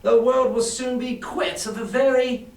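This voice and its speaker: A man voicing a calm, stern gentleman doctor who speaks with measured, deliberate politeness. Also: very high-pitched, voice pushed up. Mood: cold stern. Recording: roomy classroom, far from mic.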